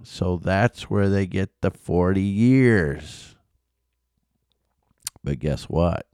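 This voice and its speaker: A man, a pastor, retelling a Bible story in a casual, animated way and asking his listeners questions. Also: low voice, very slow, no echo, studio quality. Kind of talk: casual Bible study talk.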